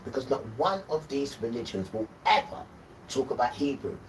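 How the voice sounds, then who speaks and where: A man's voice: medium pitch, animated, moderate pace, recorded from a distance, slight background noise, low-quality recording. A man giving a preachy, emphatic livestream talk, lecturing the viewers with chuckling asides. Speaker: livestream host.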